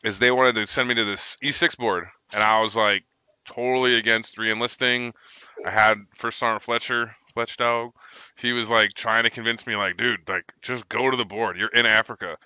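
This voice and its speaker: तीस के दशक का एक आदमी, सेना का पूर्व सैनिक, जो खुलकर गालियों के साथ भटकती हुई कहानियाँ सुनाता है।. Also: male voice, medium pitch, fairly even intonation, moderate pace, bright, forceful tone, clear, resonant tone, no room sound, low-quality recording. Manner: rambling, profane storyteller. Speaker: military veteran guest. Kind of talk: casual chat.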